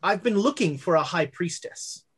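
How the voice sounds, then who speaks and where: A woman's voice: fairly low pitch, expressive, normal speed, slightly rough. A woman voicing a haughty female sun god who talks down to a newcomer. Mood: smug. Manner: smug, condescending.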